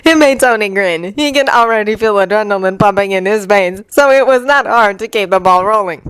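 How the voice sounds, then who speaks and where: A woman narrating a fanfiction audiobook in a steady, even reading. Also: medium pitch, a little fast, hardly any pauses, clear, resonant tone, no echo, rough recording. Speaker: fanfiction reader.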